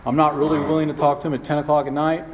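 A man's voice: on the high side, level tone, rapid-fire. A man telling his recovery story to a group, in a humorous, rambling way with lots of "you know". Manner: self-mocking, rambling, full of "you know". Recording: echoey hall with faint background noise.

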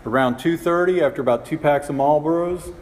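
A man's voice: on the high side, a little fast, darkish tone. A man telling his recovery story to a group, in a humorous, rambling way with lots of "you know". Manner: self-mocking, rambling, full of "you know". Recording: echoey hall with faint background noise.

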